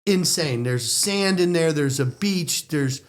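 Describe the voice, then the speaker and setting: An American man telling a story in a lively, excitable way, speaking in quick bursts. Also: a little high. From United States. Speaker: storyteller guest. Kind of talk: animated storytelling.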